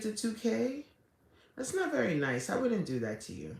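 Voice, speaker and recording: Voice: medium pitch, huge pitch swings, normal speed, creaky, darkish tone. An adult livestreamer chatting casually with viewers, greeting them by name and pleading for subscribers. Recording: echoey room.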